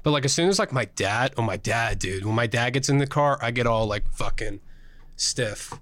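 A man's voice: mid-range voice, normal speed, fairly bright tone, no echo. Rambly young man, dry close sound. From New Jersey. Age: young adult. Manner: rambling and profane, full of "like" fillers. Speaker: podcast co-host. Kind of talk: casual podcast chat.

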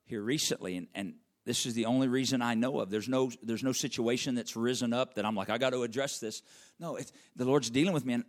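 A male pastor preaching a sermon, emphatic and repetitive, calling on listeners by name. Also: mid-range voice. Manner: emphatic, repeats phrases, calls on listeners by name.

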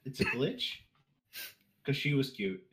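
A man's voice: mid-range voice, huge pitch swings, slow pace, background noise. A man hosting a podcast, reading out listener questions and teasing the guest. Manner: reads out questions, teasing jokes. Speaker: podcast host. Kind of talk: casual interview chat.

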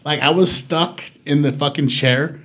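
A young man telling a long story in casual, profane chat, rambling and loudly acting out the quotes. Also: on the high side, a little slow.

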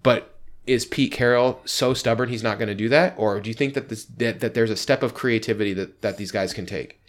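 A man co-hosting a sports podcast, talking in a rambling, excitable way with frequent restarts. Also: mid-range voice, brisk. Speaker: podcast co-host. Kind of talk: casual sports chat.

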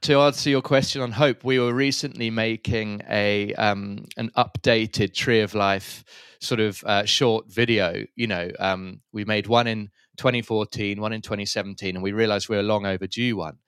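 A man's voice: fairly low pitch, fairly even intonation, normal speed, a bit bright, smooth, no room sound, clean studio sound. A man talking as a podcast guest, telling stories in an earnest, reflective way and laughing easily. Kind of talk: conversational storytelling.

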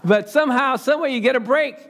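A man's voice: extremely high pitch, fast talker, a bit bright. An older man preaching a sermon in a conversational way, telling everyday stories and acting out what people said. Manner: conversational storytelling, acts out quotes.

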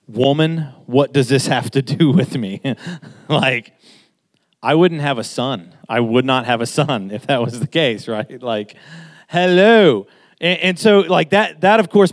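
A man in his thirties preaching a sermon in a casual, conversational way, getting animated as he makes his point. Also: medium pitch.

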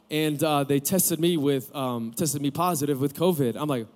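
A man in his forties preaches to his congregation, sharing a personal story candidly and breaking into quick jokes. His speaking voice sits a little on the high side. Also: a little mellow. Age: 40s. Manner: candid storytelling with joking asides. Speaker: pastor. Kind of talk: sermon. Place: camp gathering room with audience.

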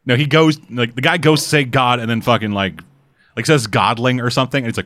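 A man co-hosting a casual chat, swearing freely and acting out quick character voices. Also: medium pitch, fairly bright tone, dry recording. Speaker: podcast co-host.

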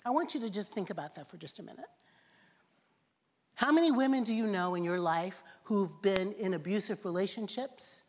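A woman's voice: mid-range voice, animated, moderate pace, darkish tone. Impassioned woman preaching in a reverberant hall. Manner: impassioned, rhetorical questions, repeated phrases. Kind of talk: sermon. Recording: long reverb of a large hall.

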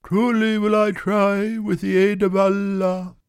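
A man voicing an aged, pious male secretary in a story reading, speaking in a slow, ceremonious, intoning way. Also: high-pitched, flat delivery, clean tone, no echo, studio quality, voice pushed up. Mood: solemn. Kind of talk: audiobook character voice.

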